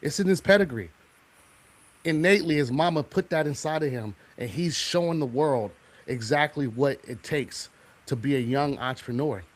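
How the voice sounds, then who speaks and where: A man's voice: a little high, normal speed. A man hosting a podcast, giving fervent, preacher-like encouragement to his guests. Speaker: podcast host. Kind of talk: motivational podcast talk.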